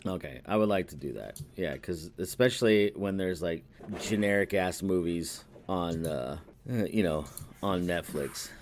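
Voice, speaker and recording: A man co-hosting a podcast, recapping a movie in a profane, rambling chat that swings from animated to muttering. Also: low-pitched, measured pace, slight background noise. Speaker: podcast co-host.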